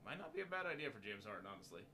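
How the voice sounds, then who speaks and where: Lower-voiced man with bright tone. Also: sing-song, racing, a little hiss or hum. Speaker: podcast co-host. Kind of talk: casual sports chat.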